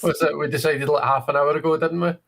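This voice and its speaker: A man's voice: on the high side, fairly even intonation, fast talker, creaky, a bit bright. A man co-hosting a tarot livestream, chatting in an easygoing, rambling way. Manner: easygoing, rambling, lots of fillers. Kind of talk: casual chat.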